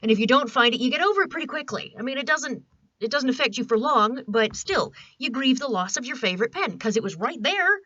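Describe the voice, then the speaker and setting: A woman's voice: high voice, lively intonation, fairly quick, bright, forceful tone, no room sound, highs cut off. A woman in her forties chatting casually to camera from her small home studio, rambling and self-deprecating. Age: 40s. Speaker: vlogger.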